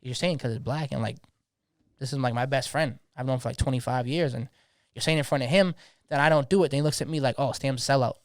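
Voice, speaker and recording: A man's voice: medium pitch, fast, dry recording, clean studio sound. A young man, talking passionately in a slangy, casual podcast conversation, often repeating words as he gets going. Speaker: DJ guest.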